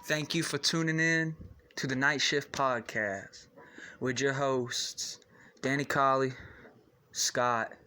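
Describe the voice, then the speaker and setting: A man's voice: mid-range voice, steady tone, slow, bright, forceful tone, clean tone. A man co-hosting a podcast, chatting crudely and jokingly and cutting in on the others. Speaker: podcast co-host. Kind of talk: casual chat.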